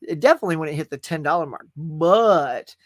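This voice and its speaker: A man's voice: a little high, animated, a little fast, no echo, clean studio sound. Folksy man hosting a live movie stream. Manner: chatty and folksy, often calls viewers "y'all". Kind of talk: casual livestream chat with viewers.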